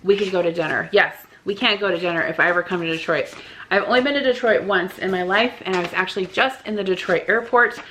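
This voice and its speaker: A woman's voice: mid-range voice, quick pace, a bit bright, slight background noise. A woman in her thirties, a vlogger reading out viewer cards in a chatty, giggly way that rambles and restarts.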